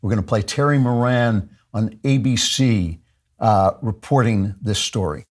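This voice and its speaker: A man's voice: on the low side, unhurried. A man hosting a podcast, delivering an impassioned monologue with fervent repetition and frequent restarts. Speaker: podcast host.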